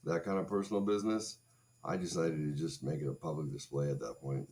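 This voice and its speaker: A man's voice: a bass voice, steady tone, brisk, warm tone. A man in his forties, hosting a livestream, telling a crude comic story in a sarcastic, rambling way with self-mocking asides. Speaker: streamer host.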